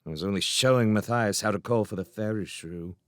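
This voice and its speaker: A man doing a cheeky, loud female shrew. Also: fairly high pitch, big pitch swings, unhurried, no room sound, studio quality, pitched above the performer's own voice. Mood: sulky. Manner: chatty, boastful.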